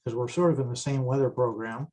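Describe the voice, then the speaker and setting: Mellow-voiced man from Ontario. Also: medium pitch, fast. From southern Ontario. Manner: polite, repeating himself. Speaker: caller. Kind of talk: question on a video call.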